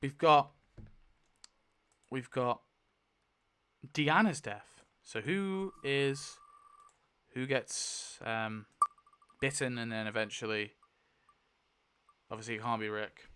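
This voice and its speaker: Chatty man thinking out loud. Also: mid-range voice, slow pace, long pauses, a little hiss or hum. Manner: chatty, thinks aloud, swears and laughs often. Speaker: YouTube host. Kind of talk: casual commentary while spinning a wheel.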